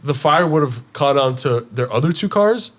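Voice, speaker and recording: A young adult man on a casual podcast, an animated storyteller who swears freely and jumps into high voices as he acts out what people said. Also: moderate pace. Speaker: podcast co-host.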